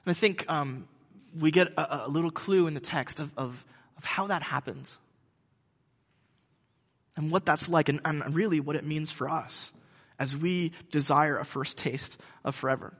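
A male pastor giving a conversational sermon, halting with frequent restarts. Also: a little high, fairly bright tone, big-room sound.

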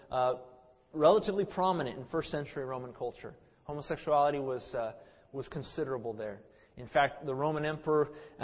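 A man preaching an expository Bible sermon, stressing words loudly and then trailing off quietly, often repeating himself. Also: a little high. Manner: emphatic, swings between loud stresses and quiet trailing phrases, repeats words. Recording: dull sermon recording with long hall reverb.

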